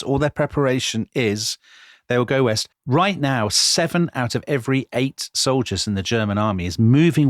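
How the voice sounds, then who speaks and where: A man's voice: mid-range voice, no echo, studio quality. Man telling history with drama. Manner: vivid, dramatic retelling with quoted voices. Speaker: podcast co-host telling history. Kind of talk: animated storytelling chat.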